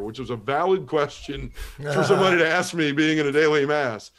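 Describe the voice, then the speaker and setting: A man's voice: a little high, brisk, fairly bright tone. Earnest man telling his life story. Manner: earnest storytelling, Southern turns of phrase, acts out quoted lines. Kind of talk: personal testimony in a podcast interview.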